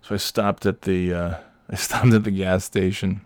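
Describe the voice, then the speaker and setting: A man with a very low voice tells a meandering anecdote, swearing often and circling back on himself with fillers. His voice sounds close and dry, with no room behind it. He talks like a host ranting casually to his listeners. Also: little pitch movement, moderate pace, darkish tone, smooth, no echo. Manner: profane, rambling storyteller with frequent fillers; irritated, ranting. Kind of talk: rambling anecdotal monologue.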